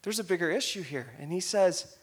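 A man's voice: high voice, fairly quick, breathy edge. A male pastor preaching a sermon, reading scripture and acting out the quotes, asking the congregation to repeat lines. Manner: expressive, acts out quotes, asks congregation to repeat.

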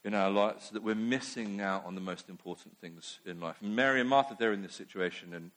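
A man's voice: fairly low pitch, a little fast, fairly bright tone. A man preaching a sermon in a conversational way, with many asides.

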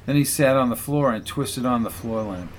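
A man's voice: medium pitch, moderate pace, slight background noise. Man reading an audiobook steadily. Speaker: audiobook narrator. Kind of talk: scripted narration.

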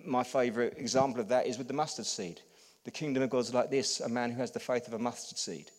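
A man preaching a sermon as a pastor, getting the congregation to repeat lines and swinging from hushed to loud. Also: mid-range voice, fairly even intonation, fast. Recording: long hall reverb.

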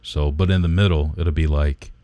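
A man's voice: rumbling low, steady tone, moderate pace, mellow, no echo. A man co-hosting a podcast, talking in an emphatic, preachy way with casual swearing. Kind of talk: casual chat.

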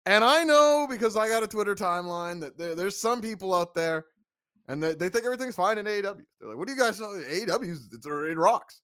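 A man's voice: high-pitched, lively intonation, fairly quick, a bit bright. A man hosting a podcast in casual chat, with a wry, downbeat sense of humor. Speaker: podcast host.

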